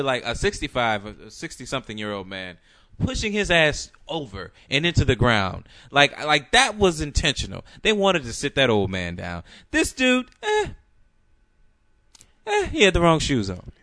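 A man holding forth on a podcast, swinging his voice up and down with loose, profane energy. His tone is bright and forceful, and the recording is dry and close. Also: on the high side, moderate pace, no echo. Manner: animated, profane, rambling with restarts. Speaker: podcast co-host. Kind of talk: casual chat.

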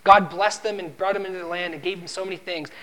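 A man preaches quickly in a slightly bright voice with fairly even intonation. Emphatic throughout, he quotes scripture and performs the servant's lines, going higher and louder whenever he pushes a point.

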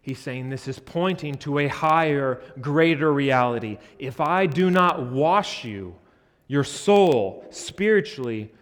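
A man's voice: on the high side, animated, slow pace. An American man preaching a sermon as pastor, earnest and emphatic, pressing hard on key words. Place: church sanctuary. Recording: long church reverb.

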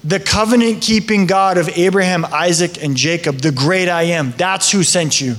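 A man acting out God as a patient, steady voice speaking to Moses in a sermon retelling. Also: high voice, normal speed, in a large hall. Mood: reassuring.

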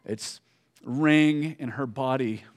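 A man preaching a sermon, telling a story slowly with fillers and pauses, dropping soft at solemn moments. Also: medium pitch. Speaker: pastor.

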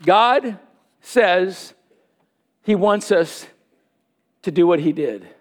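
A man's voice: sits high, expressive, very slow. A man preaching a sermon, telling a personal story and acting out the dialogue in it.

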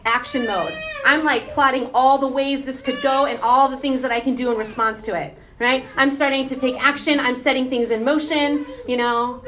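A woman giving a casual, animated sermon, often asking the congregation questions. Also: sits high, a little hiss or hum. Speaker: preacher.

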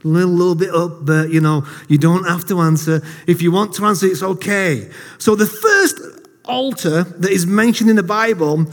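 A fairly high-voiced man preaches in a casual, storytelling way, poking fun at himself. His voice rings out with a long reverb from the hall. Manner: jokey, self-deprecating storyteller. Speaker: lay preacher. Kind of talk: casual sermon to a congregation.

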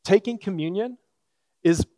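A man preaching a sermon as a pastor, earnest and conversational, with thoughtful pauses. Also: sits high, dark tone, dry recording.

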